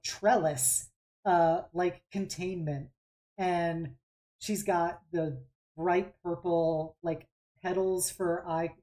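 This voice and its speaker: Low, slow-talking female game master. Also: warm tone. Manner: rambling, hesitant description full of fillers. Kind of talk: narrating a tabletop game.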